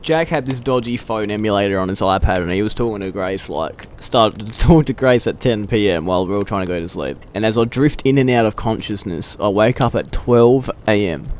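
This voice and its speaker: Talking a bit fast with few pauses, a young man in a lowish voice shares profane, laugh-filled tales from school camp, acting out what his friends said. Some faint background noise can be heard.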